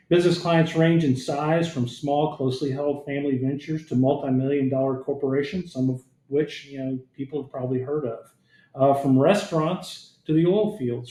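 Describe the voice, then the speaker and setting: In a casual podcast interview, the host reads his guest's background and keeps things friendly and conversational. He has a mid-range, steady, mellow voice at normal speed, recorded with a roomy echo.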